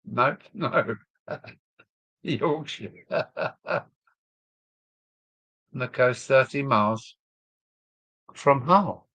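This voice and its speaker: He speaks extremely slowly with frequent pauses, his medium-pitched voice lively in intonation and bright and forceful in tone, on a dry recording. A southern English accent marks this Kent-born model railway streamer as he muses over viewer comments, trailing off with many ums.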